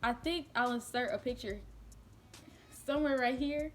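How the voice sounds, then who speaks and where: A young adult woman vlogger telling a casual storytime, chatty and animated, with lots of fillers and easy laughs. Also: high voice, moderate pace, background noise. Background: faint background music.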